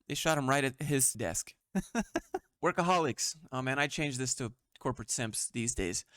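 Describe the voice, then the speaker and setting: A man's voice: mid-range voice, unhurried, fairly bright tone, no echo, studio quality. A man hosting a commentary show, reading memes aloud and mocking them bluntly, swearing often. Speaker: host. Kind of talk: sarcastic meme commentary.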